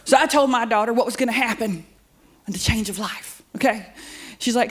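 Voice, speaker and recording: A woman's voice: on the high side, a little fast. A middle-aged woman doing a stand-up comedy set, sassy and self-deprecating, chatting with the crowd. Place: comedy club studio with live audience.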